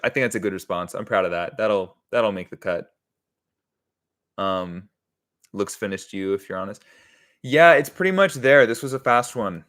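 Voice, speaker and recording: Brief: fairly low male voice, relaxed rambling streamer, talks through his writing with the chat. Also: moderate pace, pauses often. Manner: thinks aloud, rambling, answers chat, chuckles often. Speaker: comedy sketch writer streaming live. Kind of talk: casual live-stream chat while writing.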